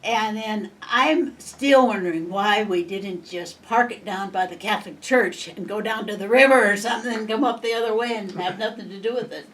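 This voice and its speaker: A woman's voice: medium pitch, moderate pace, few pauses. Rambling older woman from Montana, off-mic. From Montana, USA. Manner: rambling, chuckling reminiscence. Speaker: interviewee. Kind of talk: oral history storytelling. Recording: distant mic, faint background noise.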